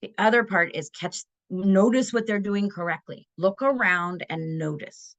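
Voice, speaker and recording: Middle-aged woman, parenting webinar presenter, earnest, conversational, mid-pitched voice. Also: unhurried. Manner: earnest, conversational, often asks "right?".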